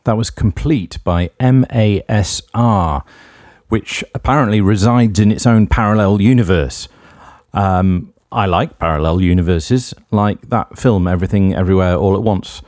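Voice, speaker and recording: A very deep-voiced man hosts a music radio show, talking between tracks. His tone is mellow and dark, and he rambles in a wry, self-deprecating way. The sound is dry and close, with no room around it. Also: moderate pace, no echo. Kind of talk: casual radio DJ links.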